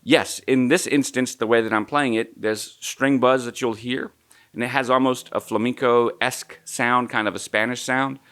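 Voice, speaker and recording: A man's voice: mid-range voice, fairly even intonation, moderate pace, fairly bright tone. A man giving a guitar lesson in an easygoing way, counting the strum pattern aloud. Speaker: guitar teacher. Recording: guitar playing under the voice.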